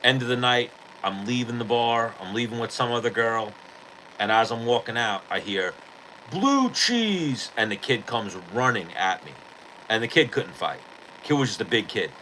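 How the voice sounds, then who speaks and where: A man's voice: on the low side, moderate pace, sharp tone, slight background noise, poor audio. A male podcast host telling a rambling, profane story in casual chat.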